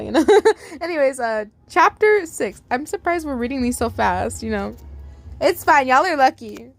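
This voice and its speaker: A woman's voice: on the high side, creaky. A young woman casually reading fan fiction aloud, breaking off for giggly, rambling, chatty asides.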